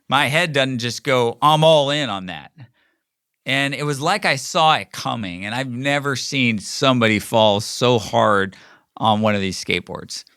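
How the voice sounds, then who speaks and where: Bright-voiced man telling a story. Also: medium pitch, no room sound, clean studio sound. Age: middle-aged. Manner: rambling, animated, many fillers and restarts. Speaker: podcast host. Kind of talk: casual storytelling monologue.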